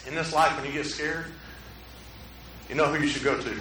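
Bright-voiced preacher in an echoey room. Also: male voice, fairly high pitch, steady tone, a little fast, recorded from a distance, a little hiss or hum. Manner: preaching with big swings from quiet to loud. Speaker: pastor. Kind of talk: sermon. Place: room with an audience.

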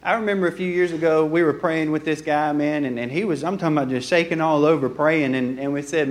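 A pastor preaches to his church in a relaxed, joking way, slipping into little acted-out scenes. His voice sits a touch high for a man. He sounds like he is in his thirties. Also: fast, few pauses. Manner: folksy and joking, acting out dialogue. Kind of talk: conversational sermon. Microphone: handheld or stand mic.

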